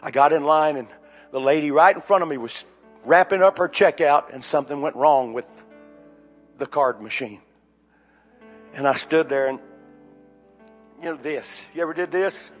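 High-voiced man preaching a personal story. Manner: candid, conversational storytelling addressing the congregation. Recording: slightly dull recording with faint music behind.

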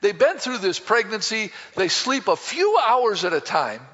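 A man preaching a sermon, folksy and animated, acting out bits of dialogue as he tells stories. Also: high-pitched, unhurried. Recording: dull echoey hall from a distance.

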